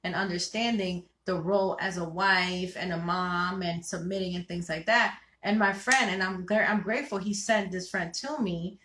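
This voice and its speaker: A woman from Connecticut co-hosting a casual talk show, animated and playful, telling stories with acted quotes. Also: on the low side, moderate pace, hardly any pauses, echoey room. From Connecticut, USA. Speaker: podcast co-host. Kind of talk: casual chat.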